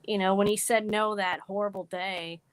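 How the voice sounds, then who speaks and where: A woman's voice: mid-range voice, fairly even intonation, normal speed, clear, resonant tone, no room sound, low-quality recording. A woman speaking as a guest on a live podcast, rambling earnestly with frequent "like". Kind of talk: casual live podcast chat.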